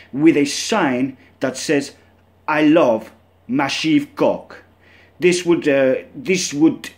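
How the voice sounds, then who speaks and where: A man putting on a Russian accent that drifts toward Latin, playing a fake prize winner leaving a slow, overly formal voicemail over a phone call. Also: medium pitch, natural voice. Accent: put-on Russian accent drifting toward Latin. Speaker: scam baiter leaving a voicemail. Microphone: phone call placed over an internet phone app.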